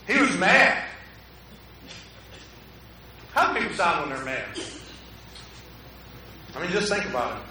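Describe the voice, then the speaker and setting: High-voiced preacher in echoey church. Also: male voice, very animated, measured pace, long pauses, pushed and bright, a little hiss or hum. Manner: conversational, asks the congregation questions. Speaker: pastor. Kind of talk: sermon. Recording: echoey hall, mic at a distance.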